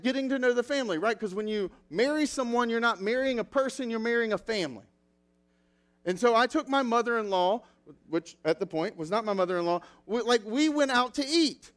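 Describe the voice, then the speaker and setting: Man, thirties, pastor: bright high voice, loose chatty sermon, lots of "like" fillers. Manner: chatty, self-deprecating, filler-heavy. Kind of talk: casual sermon with personal stories.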